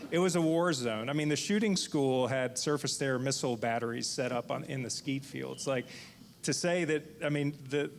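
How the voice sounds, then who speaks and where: A man in his forties, a fishing guide on a panel, telling a lively anecdote full of restarts. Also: medium pitch, slight background noise. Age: 40s. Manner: rambling, lively retelling with frequent restarts. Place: indoor event venue.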